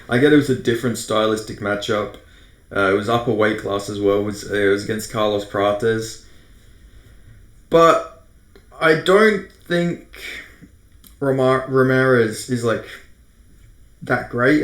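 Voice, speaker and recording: An Australian man talks through fight predictions in a loose, rambling way. He swears freely and trips over names, and his voice sits at an ordinary middle pitch. The room around him is echoey. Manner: rambling, profane, self-correcting. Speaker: MMA predictions host. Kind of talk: casual fight breakdown monologue. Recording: roomy echo.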